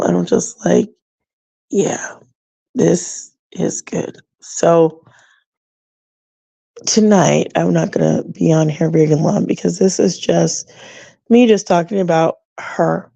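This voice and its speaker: A middle-aged woman hosting a faith podcast, talking casually and reflectively with frequent soft laughs. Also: lowish voice, creaky, no echo. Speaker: podcast host. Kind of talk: casual personal talk.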